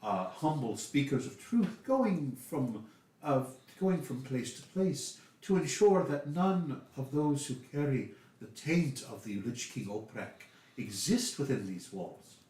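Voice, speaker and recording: A man voicing a zealous hooded cult leader who speaks slowly and piously, heard in an echoey room from a distant mic. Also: medium pitch, lively intonation, mellow, pitched above the performer's own voice. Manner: slow, pious, preachy.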